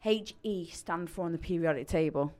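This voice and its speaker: A woman's voice: fairly low pitch, moderate pace, a little mellow. A woman with an English accent hosting a casual quiz, bossy and teasing with her guests. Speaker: quiz host.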